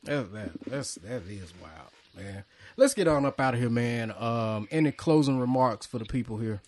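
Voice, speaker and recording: A man hosting a casual chat, animated and joking with loud laughs. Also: mid-range voice, normal speed. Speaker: podcast host.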